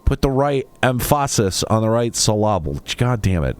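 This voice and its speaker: Deep-voiced man muttering through gameplay. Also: normal speed, clean tone. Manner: relaxed, muttering reactions to the game. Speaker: let's play streamer. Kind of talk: casual gameplay commentary.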